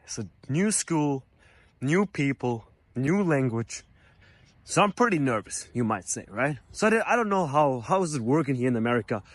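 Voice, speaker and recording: A young man from Germany telling a college story in a casual, animated way, full of fillers. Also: medium pitch, normal speed, dry recording. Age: young adult. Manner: animated, many fillers like "like" and "you know". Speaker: vlogger, college student.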